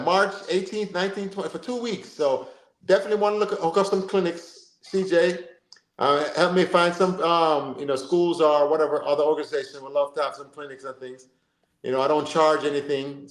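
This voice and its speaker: A Jamaican man, a football coach, chatting on a livestream and telling animated stories while switching between Jamaican and American accents. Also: fairly high pitch, roomy sound. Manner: animated, code-switching, storytelling. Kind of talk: casual livestream chat.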